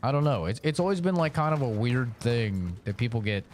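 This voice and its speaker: A man's voice: medium pitch, very animated, fairly quick, darkish tone, slight background noise. A man streaming a game, chatting in a rambling, casual way full of fillers. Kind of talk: live-stream gaming commentary.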